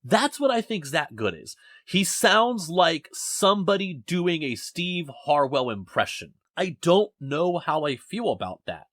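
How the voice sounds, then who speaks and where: A man's voice: fairly high pitch, sing-song, a little slow, hardly any pauses, fairly bright tone, no echo. Young male podcast host, rambling and self-deprecating, dry close sound. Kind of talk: casual podcast chat. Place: home basement.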